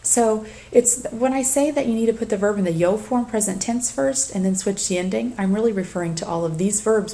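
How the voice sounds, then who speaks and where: A woman teacher giving a recorded lecture for a flipped class, slowly reading lists of verb forms and giving assignments. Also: medium pitch, gravelly, a little mellow. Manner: deliberate, reads conjugations aloud in lists. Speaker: Spanish teacher.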